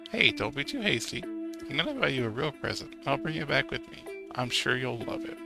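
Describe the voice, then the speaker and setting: A man's voice: medium pitch, big pitch swings, a little fast, gravelly, over music. A man voicing a kind, cheerful older brother in a story game, with an easygoing, reassuring manner. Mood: warm.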